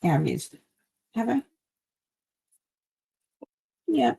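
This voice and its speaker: A woman's voice: lowish voice, sing-song, slow pace, creaky, warm tone, husky. A woman hosting a casual craft live stream from home, chatting in a meandering way with lots of fillers, recorded on a phone. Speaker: craft channel host.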